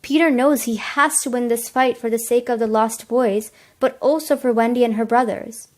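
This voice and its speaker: A woman's voice: fairly high pitch, fairly even intonation, normal speed, a little mellow. A teenage girl reading plain storybook narration for a school play. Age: teens.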